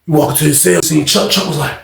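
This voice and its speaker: A man casually telling a story in a slangy, profane, animated way, acting out what people said. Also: a little high, brisk, creaky, a little hiss or hum. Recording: roomy echo.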